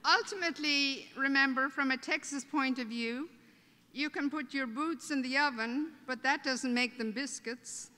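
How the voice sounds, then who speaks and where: A woman with an Irish accent hosting a convention, giving a warm, joking welcome speech. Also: sits high, moderate pace, a little hiss or hum. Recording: reverberant convention hall.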